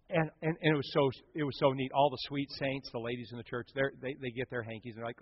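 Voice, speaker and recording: A man's voice: mid-range voice, very animated, fast talker, husky. Man telling a sermon story, dull recording. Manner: dramatic swings from loud to hushed. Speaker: preacher. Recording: dull dry sound.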